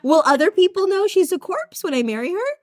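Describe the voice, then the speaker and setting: Casting: giggly woman podcast co-host, lively pitch, dry close sound. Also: brisk, no echo. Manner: giggly, rambling, self-mocking. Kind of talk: casual chat.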